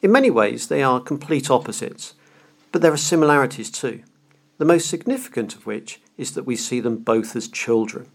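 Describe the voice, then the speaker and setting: A man's voice: mid-range voice, expressive, moderate pace, gravelly. A man hosting a podcast, lecturing about a classic novel in an earnest, emphatic way. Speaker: podcast host.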